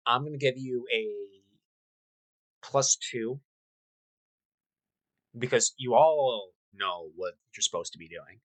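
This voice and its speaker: A man running a tabletop role-playing game, narrating in a casual, halting way. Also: mid-range voice, animated, a bit bright, no echo, rough recording. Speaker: game master.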